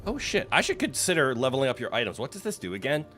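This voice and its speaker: A man's voice: mid-range voice, big pitch swings, fast, fairly bright tone, faint music behind. A man streaming a video game, chatting casually, reading game text aloud and reacting with playful exclamations. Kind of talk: casual gameplay commentary.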